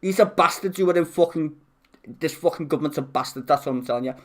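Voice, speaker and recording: A streamer on a furious live rant. The voice sits at a middle pitch and is full of constant swearing. The tone is sarcastic and exasperated throughout. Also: fast. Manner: angry, heavily profane ranting. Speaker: livestreamer.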